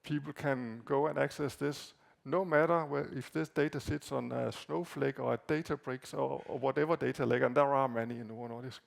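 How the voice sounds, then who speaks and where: A man whose first language is Danish gives a conference talk, walking through slides in a halting way with frequent fillers and repeated words. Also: medium pitch, steady tone, vocal fry. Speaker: conference presenter. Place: conference hall.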